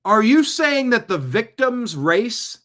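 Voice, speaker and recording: Bright-voiced ranting male host. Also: extremely high pitch, slow pace. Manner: animated, sarcastic ranting; talks back at what he watches. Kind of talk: political commentary reacting to clips.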